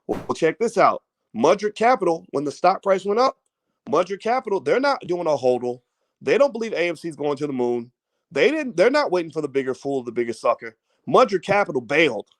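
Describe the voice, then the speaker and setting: A man talking through a casual finance livestream in a fairly high voice that swings widely up and down. His delivery is animated and preachy, full of folksy everyday comparisons and lines repeated for emphasis. The sound is dry and close. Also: fairly quick, no room sound. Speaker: finance commentator.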